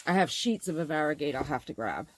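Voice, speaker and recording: A woman's voice: low voice, animated, fast. A middle-aged woman hosting a bag-making vlog, chatting in a rambling, gushing, exclamatory way as she shows off her materials. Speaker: bag-making channel host. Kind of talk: casual show-and-tell vlog.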